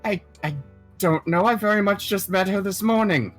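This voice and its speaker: A man's voice: sits high, moderate pace, soft background music. A man playing a tabletop game, hesitant and stammering as he speaks. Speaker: player. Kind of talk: tabletop role-play.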